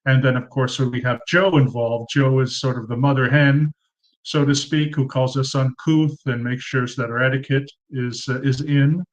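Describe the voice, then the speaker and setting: A man's voice: mid-range voice, fairly even intonation, normal speed, rough recording. Man, thirties, live stream host, casual rambling chat, plenty of filler words, budget desk mic, home room. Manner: chatty, rambling, many ums and uhs, thanks viewers by name. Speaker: livestream host. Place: room at home under fluorescent lights. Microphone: cheap desk mic.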